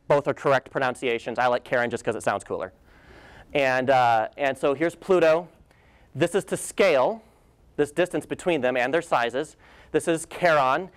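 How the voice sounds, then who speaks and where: In a lecture hall, a young man delivers a guest presentation with slides, sounding keen and informal and dropping in jokey asides and occasional fillers. His voice sits on the high side, and there's no echo.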